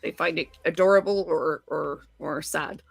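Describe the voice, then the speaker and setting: A woman's voice: low-pitched, normal speed, vocal fry, slightly rough, no room sound, faint music behind. A woman hosting a casual podcast chat, offhand and loose in how she talks. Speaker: podcast host.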